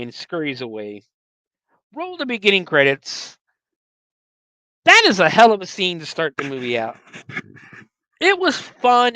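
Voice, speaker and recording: A man's voice: sits high, pushed and bright, clean tone, no echo, low-quality recording. A man hosting a podcast, recapping a movie in a casual, rambling way with many fillers and self-corrections. He acts out the characters' lines along the way. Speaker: podcast host.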